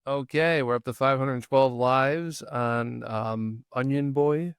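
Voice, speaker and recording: A man with a smooth, clear voice chats casually about old comedies on a review show. He talks in a loose, rambling way, restarting his sentences and laughing easily. The sound is close and dry. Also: mid-range voice, steady tone, slow, no room sound. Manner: rambling, with frequent restarts and fillers; laughs easily while recounting scenes. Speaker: podcast co-host. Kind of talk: casual movie-review chat.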